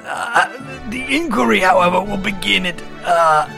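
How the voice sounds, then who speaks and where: A man putting on a silly, pompous mock-British voice, speaking in a halting, drawn-out way. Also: medium pitch, over music, natural voice.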